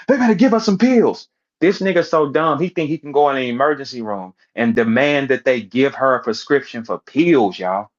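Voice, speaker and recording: A man rants in blunt, profane commentary, pressing his points with rhetorical questions. His voice sits at an ordinary middle pitch. The audio is a little dull and lo-fi. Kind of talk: animated commentary rant.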